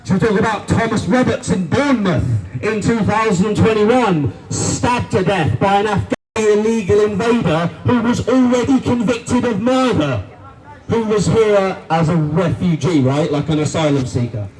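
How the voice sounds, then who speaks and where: A man's voice: high-pitched, lively intonation, normal speed. A man giving a rousing political rally speech, repeating lines and calling the crowd guys. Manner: forceful, repetitive, rousing, addresses crowd as guys. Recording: distant voice with faint crowd noise.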